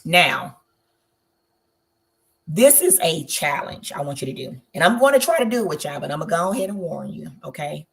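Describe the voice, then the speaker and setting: A woman's voice: low voice, lively intonation, moderate pace, gravelly, a bit bright. A woman from Southern Georgia with a Southern country accent, giving travel tips in an encouraging webinar talk and checking in often. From Southern Georgia, USA. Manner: encouraging, checks in with "okay?" again and again. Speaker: travel host.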